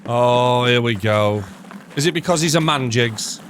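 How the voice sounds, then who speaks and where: A man streaming a shooter game live, rambling and thinking out loud, chatting to his viewers with jokey asides and casual swearing. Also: mid-range voice, measured pace, slight background noise. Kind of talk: live gameplay commentary.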